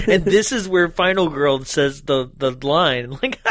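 A man's voice: fairly high pitch, animated, slow pace. Laughing man recapping a movie. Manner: laughs often, acts out characters in exaggerated voices. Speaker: podcast co-host. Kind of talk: casual movie recap chat.

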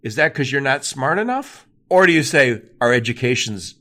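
A man hosting a podcast interview, talking in an emphatic, animated way and acting out quoted asides. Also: medium pitch, normal speed. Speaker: podcast host. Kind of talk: conversational interview.

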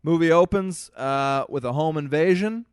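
Man telling stories, smooth dry voice. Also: fairly high pitch, moderate pace, no echo. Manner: profane, storytelling, addresses listeners as folks. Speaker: podcast co-host. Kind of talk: casual chat.

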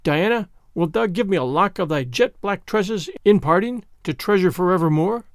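A man's voice: sits high, animated, moderate pace, no room sound, studio quality. A man voicing a dreamy, romantic orphan girl who speaks in flowery, theatrical phrases. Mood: sentimental.

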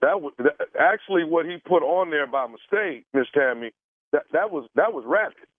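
Man playing a caterer, stammering, hesitant, slightly high voice, tinny phone line. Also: expressive, normal speed, dry recording. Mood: sheepish. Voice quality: hesitant, stammering with many uhs. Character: fumbling male caterer, apologetic and evasive. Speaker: radio prank caller. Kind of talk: prank phone call.

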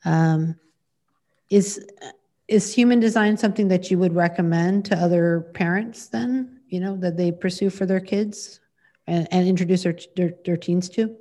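A woman with a lowish, warm, mellow voice hosting a podcast interview. She works through her questions aloud, stopping and restarting as she goes, and keeps an easy conversational tone. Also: moderate pace. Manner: thinks aloud, restarting questions mid-sentence.

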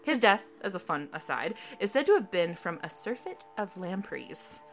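Woman co-host, lower voice that swings up and down a lot, bright tone, reads facts with cheeky asides. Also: moderate pace, soft background music. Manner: lively, laughing, reading facts with jokey asides. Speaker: podcast co-host. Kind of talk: casual scripted podcast chat.

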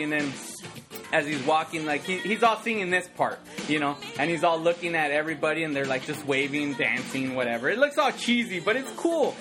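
With a fairly high-pitched voice, a man in his thirties rambles excitedly in casual chat. He fills his talk with "like" and acts out sound effects as he goes.

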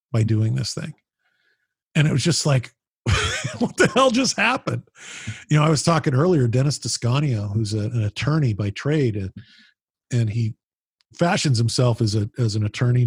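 A man being interviewed as a podcast guest, telling animated, rambling stories with frequent restarts and the odd swear. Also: mid-range voice, breathy edge, dry recording, clean studio sound. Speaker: podcast guest, founder of a business mastermind group. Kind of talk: casual storytelling conversation.

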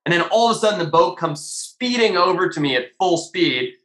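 A man telling a story as a podcast guest, animated and casual, swearing freely and filling his talk with "like" and "you know.". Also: high-pitched, brisk, reverberant. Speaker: podcast guest, shark diver.

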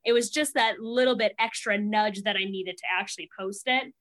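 A young adult woman guest in a casual chat, telling animated stories, laughing often and acting out what others said. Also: mid-range voice, normal speed. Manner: animated storytelling, laughs often, acts out quotes. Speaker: podcast guest.

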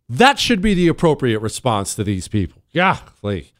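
A man's voice: medium pitch, sing-song, moderate pace, no room sound, clean studio sound. A man hosting a political talk radio show, sarcastic and emphatic, often repeating words for effect. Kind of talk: combative political commentary.

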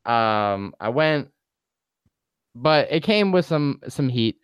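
A man's voice: mid-range voice, lively intonation, takes it slowly, smooth, no echo. A young man co-hosting a podcast, telling a laid-back story in casual chat, laughing often and swearing. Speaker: podcast co-host.

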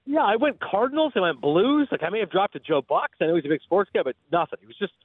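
Man, phone-line call-in, high and animated, rapid storyteller. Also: dry recording. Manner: lively, laughing storyteller. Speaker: guest analyst. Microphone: phone hotline.

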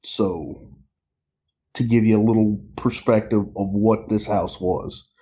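A man, a sheriff's deputy, telling his story in an interview, halting with many restarts. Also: mid-range voice, warm tone.

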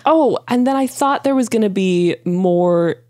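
A woman's voice: medium pitch, lively intonation, a little slow, dark tone. A woman co-hosting a podcast, chatting casually and joking about a movie, laughing often. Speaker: podcast co-host. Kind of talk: casual chat reviewing a movie.

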